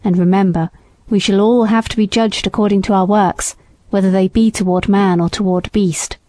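Woman reading a stern gentleman. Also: mid-range voice, steady tone, normal speed, dry recording, lightly acted. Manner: grave, reproving. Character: stern, principled gentleman horse owner.

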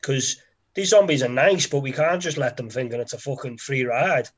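A man's voice: medium pitch, normal speed. A young man cracks crude jokes on a podcast in a mid-range voice, mocking his mates as he talks. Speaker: podcast co-host. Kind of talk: casual banter.

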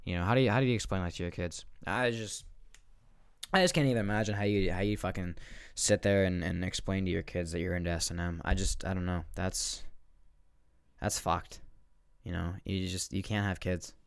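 Deep gravelly young man ranting profanely. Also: fairly even intonation, fairly quick, no echo, clean studio sound. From northeastern United States. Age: 20s. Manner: profane, rambling, with heavy swearing. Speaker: podcast host. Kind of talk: casual solo rant.

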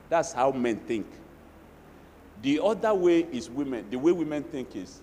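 Nigerian pastor preaching in a reverberant hall. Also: male voice, a little high, a little fast, a little hiss or hum. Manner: animated preaching with Yoruba asides and acted quotes. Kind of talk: sermon.

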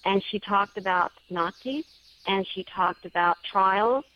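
A woman's voice: medium pitch, a little slow, no room sound. Chatty woman telling a strange story. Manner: chatty storyteller, many small restarts. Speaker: guest, paranormal story writer. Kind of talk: casual storytelling interview. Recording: dry, slightly dull lo-fi sound.

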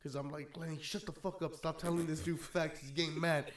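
A man's voice: fairly high pitch, flat delivery, fairly quick, crowd noise. A man chatting casually, telling stories animatedly, often mimicking other people's voices and swearing a lot. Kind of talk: casual profane chat.

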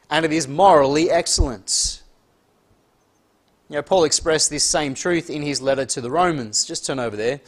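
Guy preaching a sermon, slow and emphatic, slightly high voice. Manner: deliberate, emphatic, slows on key words; reads scripture aloud in King James wording.

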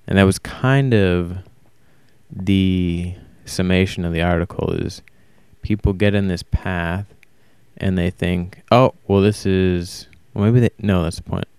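A man talking alone in a casual, rambling monologue, flat and self-described as monotone, often stopping to correct himself. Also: low-pitched, measured pace, clear, resonant tone, no room sound. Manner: casual, swears. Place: warm indoor room.

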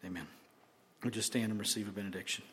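A male pastor preaching a sermon and closing in prayer, rising loud on key phrases and dropping to a whisper. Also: mid-range voice, lively intonation, a little slow, a little hiss or hum.

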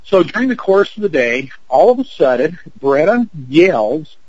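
A man's voice: fairly high pitch, very animated, moderate pace, darkish tone, no room sound, muffled recording. A man in his fifties, an actor and producer, telling a story in an interview in a chatty way, with lots of fillers and acted-out quotes. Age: 50s. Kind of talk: anecdote in an interview.

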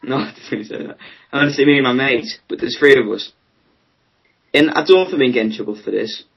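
A man's voice: mid-range voice, quick pace, gravelly, breathy edge, dull audio. A teenage boy around fifteen, casually telling a rambling story to friends on a podcast. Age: teenager, about fifteen. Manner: rambling, storytelling, laughs at himself. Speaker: podcast co-host telling stories. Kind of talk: casual chat among friends.

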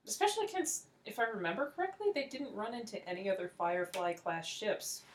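A woman's voice: medium pitch, expressive, brisk. A woman co-hosting a podcast in casual chat, trailing off and circling back to her point. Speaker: podcast co-host.

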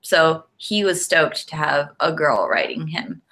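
A woman's voice: low-pitched, expressive, unhurried, fairly bright tone. A woman co-hosting a casual chat show, easygoing, laughing often and leaning on "like" as she talks. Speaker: podcast co-host.

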